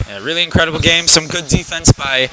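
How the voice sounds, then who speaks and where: A young man commentating a school basketball game live, excitable and joking, hyping up one player. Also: a little high, fast talker, over a noisy crowd, poor audio. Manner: excitable, hypes up a player, jokey. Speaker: student play-by-play commentator. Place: school gym. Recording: loud gym noise behind.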